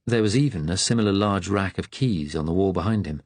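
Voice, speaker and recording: Male audiobook narrator, low husky voice, steady reading, dry close mic. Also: brisk, no room sound. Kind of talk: scripted narration.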